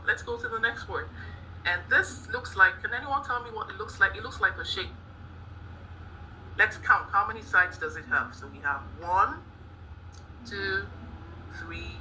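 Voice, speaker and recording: A woman leads a phonics lesson in a very bright, ringing voice, cheering the class on and sounding out each letter. A faint hiss sits under the recording, as on a video call. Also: lowish voice, low-quality recording. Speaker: teacher trainee.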